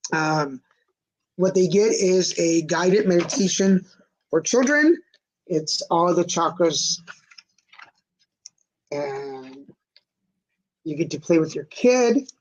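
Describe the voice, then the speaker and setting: A man co-hosting a casual talk show livestream, easygoing and slowing down to spell out details. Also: a little high, animated, a little hiss or hum, poor audio. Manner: easygoing, slows down when promoting. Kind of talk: casual chat. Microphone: livestream setup.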